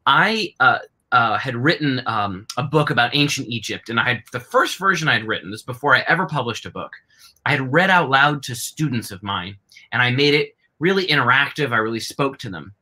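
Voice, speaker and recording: A man's voice: medium pitch, expressive, fairly quick, bright, forceful tone, rough recording. A man moderating a book talk over a video call, playful and enthusiastic. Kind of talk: casual chat.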